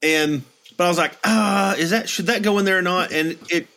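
A man's voice: high-pitched, fairly quick, bright, forceful tone. A middle-aged man in casual chat, reflectively telling stories and acting out quotes. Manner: reflective, storytelling with acted-out quotes. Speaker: podcast host.

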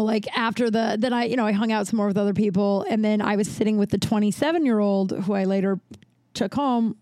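A woman's voice: medium pitch, mellow, dry recording. A woman in her thirties hosting a podcast, telling a long story in a rambling, frank, profane way, full of "like" and quoted asides. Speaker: podcast host. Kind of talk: casual storytelling.

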